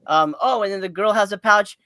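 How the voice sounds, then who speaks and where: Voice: mid-range voice, brisk, sharp tone, dry recording. A podcast host chatting casually in a movie review, rambling and swearing freely, laughing often.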